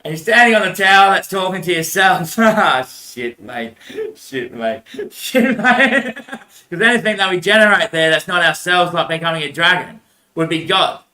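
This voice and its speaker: A man's voice: high-pitched, normal speed, sharp tone, reverberant. A man in a rambling monologue, repeating himself, swearing and laughing often.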